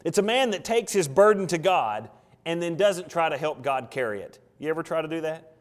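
A man's voice: fairly high pitch, expressive, brisk. A male pastor preaching an expository sermon in a conversational way, sometimes acting out the prayers he quotes. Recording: long reverb of a large hall.

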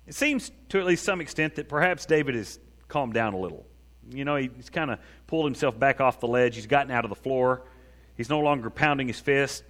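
A pastor with a mid-range, slightly bright voice preaches conversationally, acting out prayers as he goes. The long reverb of a large hall surrounds his sermon.

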